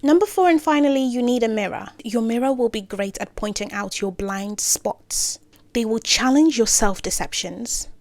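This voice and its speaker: A woman with a slightly high voice gives casual career advice straight to camera. She keeps breaking off for playful asides and self-corrections. She sometimes sinks into soft near-whispers, and the recording is dry, with no room sound. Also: moderate pace, no echo. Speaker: creator giving career advice.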